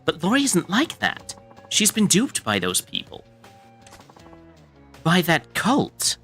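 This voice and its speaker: A man voicing a distraught middle-aged mother in a game dub, with a high, wavering, pleading voice. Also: wildly swooping pitch, slow pace, a bit bright, breathy edge, soft background music, full character voice.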